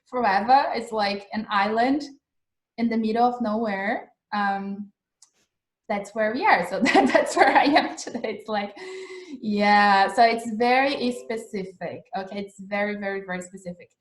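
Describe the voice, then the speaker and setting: A woman's voice: mid-range voice, a little slow. Chatty woman teaching in an echoey room. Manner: chatty, repeats phrases, frequent "like" and "right?". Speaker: English teacher. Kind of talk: casual live-streamed lesson. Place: home in Australia.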